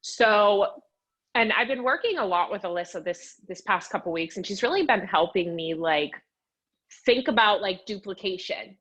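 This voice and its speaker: A young woman from western Pennsylvania talks as a podcast guest, sharing her story with chatty, animated energy and plenty of "like"s. Her voice sits at an ordinary middle pitch. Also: normal speed. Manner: chatty, fills speech with "like", animated retelling. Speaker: podcast guest, fitness coach. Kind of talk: casual storytelling interview.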